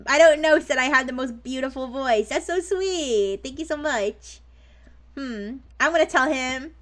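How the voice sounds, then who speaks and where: A woman's voice: sits high, animated, normal speed, a bit bright. A woman streamer chatting casually on a live stream, bubbly and giggly as she talks with viewers and a chatbot.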